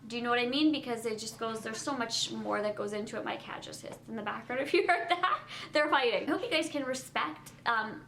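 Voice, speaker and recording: A woman's voice: a little high, pushed and bright, slight background noise. A young woman vlogging at home at night, talking casually to the camera with lots of fillers.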